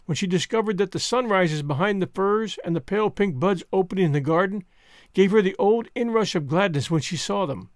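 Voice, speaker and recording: A man narrating an audiobook in a measured, gentle way. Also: sits high, no echo, clean studio sound. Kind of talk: scripted narration.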